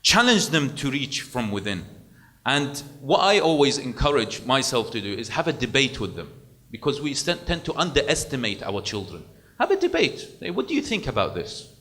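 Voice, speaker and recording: A man preaching a sermon to a gathering, lecturing with animated delivery and acting out what parents should say. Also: medium pitch, moderate pace.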